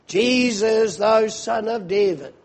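Desperate blind beggar man , played by a preacher: high, loud, pleading cries. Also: slow, heavily acted.

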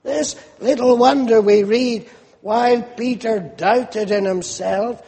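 A man preaching a sermon, slow and emphatic, rising into animated rhetorical questions. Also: very high voice, vocal fry, big-room sound.

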